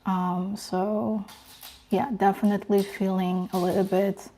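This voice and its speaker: A young woman hosting a casual live stream, reading viewers' comments aloud and talking in a soft, emotional, halting way with many restarts. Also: mid-range voice, flat delivery, a little hiss or hum.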